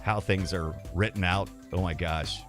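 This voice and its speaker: A man's voice: sits low, fairly even intonation, a little slow, a bit bright, faint music behind. A man hosting a casual livestream, chatting with viewers, laughing often and reading their comments aloud. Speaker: livestream host.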